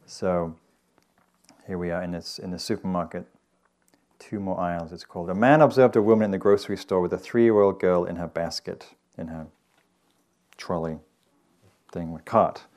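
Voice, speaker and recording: A man from England giving a meditation dharma talk, telling stories in a gentle, conversational way. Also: deep voice, normal speed, pauses often. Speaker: meditation teacher. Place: meditation hall with audience.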